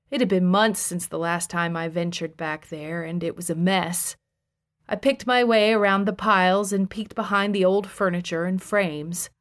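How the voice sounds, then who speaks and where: A woman's voice: lowish voice, a bit bright. Woman narrating a wry first-person story. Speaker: audiobook narrator.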